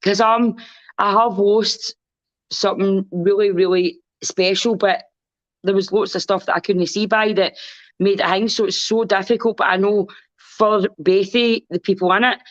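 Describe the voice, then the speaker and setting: A woman's voice: mid-range voice, steady tone, normal speed, no echo. A Scottish woman speaking as a podcast guest in casual chat, rambling and candid and swearing freely. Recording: dull lo-fi recording.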